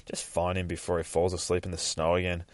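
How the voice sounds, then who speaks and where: A man voicing a tired, flat-spoken battered woman in a comic book retelling. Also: low-pitched, quick pace, no echo, lightly acted. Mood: weary. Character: weary battered woman, middle-aged.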